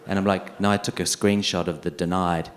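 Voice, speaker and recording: A filmmaker on a festival panel, telling a long story and acting out the other people in it. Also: male voice, deep voice, fairly quick. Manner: animated, acts out the other people in his story.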